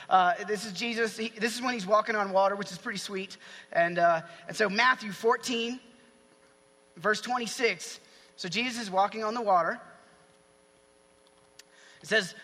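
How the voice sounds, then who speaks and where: A man preaching a sermon in an animated way, acting out voices with sudden shouts. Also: high-pitched, long reverb tail.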